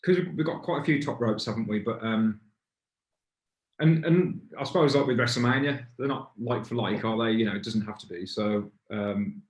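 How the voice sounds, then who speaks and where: A man hosts a relaxed beer review with a friend. His voice sits a touch low and he rambles, often breaking off to restart a thought. The room around him rings with echo. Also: normal speed. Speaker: pub beer review host. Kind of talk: casual chat. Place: pub.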